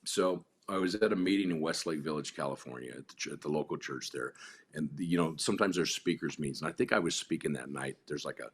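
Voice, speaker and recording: A middle-aged man with an extremely low, husky voice tells long stories as a podcast guest. He rambles, stacks repeated words, and swears freely. His tone is frank and unpolished. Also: fast. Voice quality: very deep, husky voice. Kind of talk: candid conversational storytelling.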